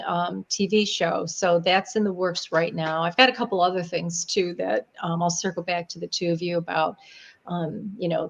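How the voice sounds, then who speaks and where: A woman from the Niagara Falls area, a guest psychic medium chatting casually and telling animated stories with frequent laughs. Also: lowish voice. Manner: chatty, animated storyteller who laughs often. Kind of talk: casual podcast chat.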